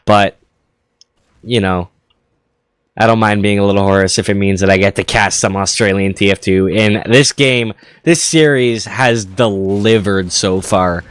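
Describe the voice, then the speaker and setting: A man casting a live esports match, slightly hoarse, excitable and tripping over his words on a headset mic. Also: fairly low pitch, unhurried, no room sound. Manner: excitable, stammering restarts. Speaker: esports caster.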